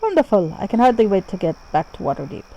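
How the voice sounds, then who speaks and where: A woman's voice: mid-range voice, big pitch swings, fast talker, mellow. A woman voicing a pompous older male scholar character in a game, haughty and self-satisfied.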